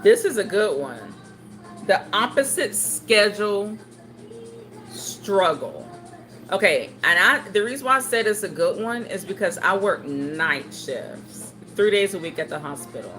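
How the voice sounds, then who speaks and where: Bright animated woman livestream host. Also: medium pitch, measured pace, soft background music. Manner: animated, joking, playful put-on voices. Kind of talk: casual chat reading viewer comments.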